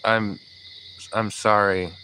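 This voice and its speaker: A man voicing a desperate, frightened young man who speaks in tense, halting bursts. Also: on the low side, level tone, sharp tone, slight background noise, rough recording.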